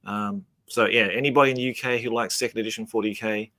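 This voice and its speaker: A man's voice: fairly low pitch, steady tone, fast talker, bright, forceful tone, no room sound. Male host, middle-aged, casual hobby-chat banter, matey and laughing, dead-dry close sound.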